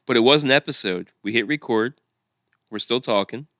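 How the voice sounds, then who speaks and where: A man's voice: mid-range voice, normal speed, a bit bright, dry recording. A middle-aged man co-hosting a casual podcast, dropping dry wisecracks. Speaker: podcast co-host. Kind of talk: casual chat.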